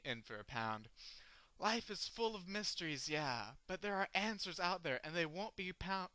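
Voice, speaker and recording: A man's voice: fairly high pitch, pushed and bright, smooth, no echo, low-quality recording. A man performing a long rhyming comic poem as a sardonic, sweary rant. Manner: ranting, sardonic, rhythmic, swearing. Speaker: poetry reader.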